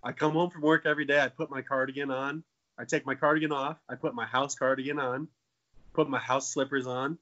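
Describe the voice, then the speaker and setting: A man's voice: level tone, a little fast, a bit bright, muffled recording. A man in his twenties co-hosting a casual comedy podcast, joking and swearing and slipping into silly voices. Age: 20s. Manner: jokey, profane, bursts into silly high voices. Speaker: podcast co-host.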